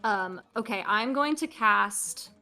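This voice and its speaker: A woman playing in a tabletop game, hesitant and unhurried. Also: medium pitch, lively intonation, sharp tone, soft background music. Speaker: player. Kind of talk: casual tabletop play.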